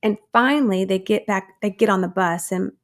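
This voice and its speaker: An American woman in her thirties, with a mid-range voice at normal speed, is a guest in an interview. She earnestly tells her own story, acting out the people she quotes.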